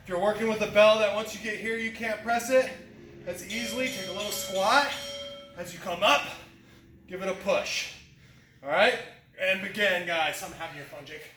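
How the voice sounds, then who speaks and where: A man's voice: high voice, steady tone, normal speed, sharp tone, echoey room, distant mic, slight background noise. A man coaching a kettlebell workout, cueing each move step by step in an encouraging way. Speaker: fitness coach. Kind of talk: workout instruction. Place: gym.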